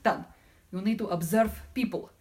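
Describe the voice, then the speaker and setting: A woman playing a blunt Russian woman with a put-on Russian accent and broken grammar, talking in a deadpan, matter-of-fact way in a class skit. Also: mid-range voice, moderate pace, lightly acted. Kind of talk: comedic skit interview.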